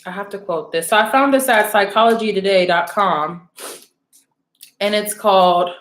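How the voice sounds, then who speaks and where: A woman's voice: medium pitch, normal speed, fairly bright tone. A woman talking to her viewers as a spiritual reader in a casual, rambling monologue. She is blunt, teasing and profane, and calls her audience out. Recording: roomy, echoey room sound.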